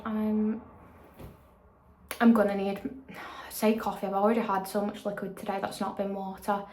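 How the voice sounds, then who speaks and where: A woman's voice: medium pitch, little pitch movement, normal speed, long pauses, warm tone. A young woman, an online fitness coach, chatting casually to camera at home in a rambling way that repeats itself. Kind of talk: casual vlog chat.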